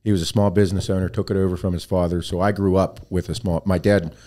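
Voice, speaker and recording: Lower-voiced guy on a podcast, swears a lot, tells stories and laughs at them. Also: fast talker. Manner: profane, animated storyteller who laughs at his own stories. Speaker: podcast guest. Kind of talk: casual storytelling interview.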